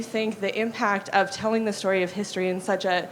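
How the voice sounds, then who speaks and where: A woman's voice: mid-range voice, steady tone, a little fast, few pauses, a little hiss or hum. Hesitant young woman asking a question. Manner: earnest, hesitant, with fillers. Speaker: audience member asking a question. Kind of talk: audience question.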